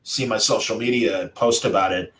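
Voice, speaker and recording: A man's voice: lowish voice, fairly even intonation, moderate pace, poor audio. Chatty man telling a story. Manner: conversational storytelling, warm recollection; former radio broadcaster's delivery. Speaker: podcast host. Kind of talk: casual group chat.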